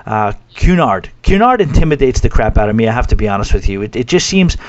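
New york guy hosting a podcast, rambly and joking, mid pitch, kinda muffled audio. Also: big pitch swings, quick pace. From New York City, USA. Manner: chatty, self-deprecating, many restarts. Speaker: podcast host. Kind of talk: casual interview chat.

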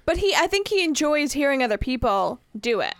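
A woman's voice: sits high, very animated, brisk, no room sound. A woman from the northern US, co-hosting a casual chat in a blunt, profanity-laced way. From northern US, Wisconsin. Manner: blunt, swears freely, laughs often. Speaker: podcast co-host.

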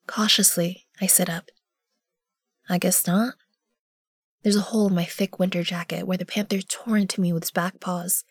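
A woman narrating an audio drama in the first person, measured and often hushed. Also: on the low side, fairly even intonation, husky, no room sound, studio quality. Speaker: narrator and lead character.

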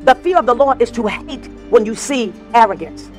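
A man's voice: very high-pitched, animated, normal speed, faint music behind. A man preaching a sermon as a minister, repeating phrases for emphasis and at times slipping into sung lines. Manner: tells personal stories in an informal preaching voice. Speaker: minister of the gospel.

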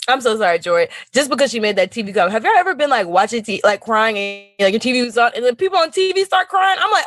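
Fast-talking woman, candid and animated. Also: fairly high pitch, dry recording, clean studio sound. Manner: candid, animated storytelling with slang. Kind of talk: casual chat.

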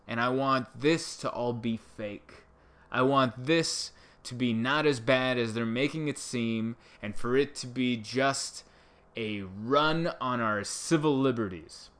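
Male comic, mid-pitched, riffs sarcastically in a loose, rambling vlog monologue. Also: fairly bright tone. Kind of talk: casual comedic monologue to camera.

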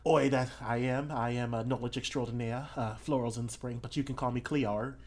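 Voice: mid-range voice, steady tone, moderate pace, natural voice. A game master voicing a skinny, eccentric male fairy-lore expert with a put-on Australian accent, grandiose and drawn out.

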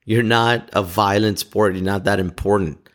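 A man talking casually in a rambling monologue, halting with frequent restarts and laughing at himself. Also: lowish voice, fairly even intonation.

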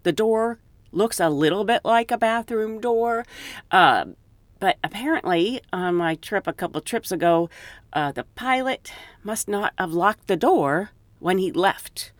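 A woman telling flight stories in a casual, animated way, laughing as she goes. Her pitch rises and falls a lot as she talks. The recording is close and dry, with no room sound. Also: a little slow, no room sound. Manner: animated, laughs often, quotes people in raised voices. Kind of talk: casual storytelling.

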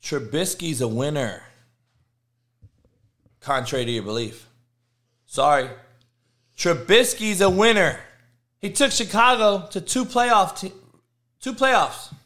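A man's voice: a little high, animated, slow pace, pauses often. A middle-aged man, a football coach hosting a live show, ranting about sports in heated, profane bursts. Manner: profane, heated, shouting rants. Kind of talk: live motivational sports rant.

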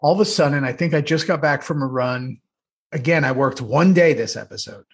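A man's voice: on the high side, fairly quick, vocal fry. A man, an actor co-hosting a podcast, telling behind-the-scenes stories with lots of swearing and animation. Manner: profane, animated storyteller. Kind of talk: casual rewatch chat.

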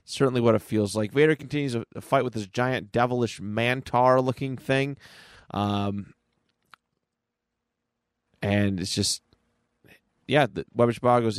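A man's voice: medium pitch, measured pace, long pauses, smooth, no room sound. A man co-hosting a podcast, recapping a comic book in a casual, rambling way on a close mic. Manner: casual, with frequent fillers and restarts. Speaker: podcast co-host.

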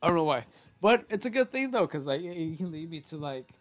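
A young man hosts a podcast alone, rambling through stories in loose, animated chat that is full of swearing. His voice sits a little high for a man, and faint music runs underneath. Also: fairly quick. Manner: profane, rambling, animated storytelling. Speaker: podcast host. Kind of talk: casual storytelling monologue.

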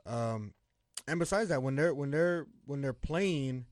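A man chatting casually about football as a podcast co-host, excitable and profane, often repeating words as he talks. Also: mid-range voice, a little slow, dry recording, clean studio sound. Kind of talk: casual sports chat.

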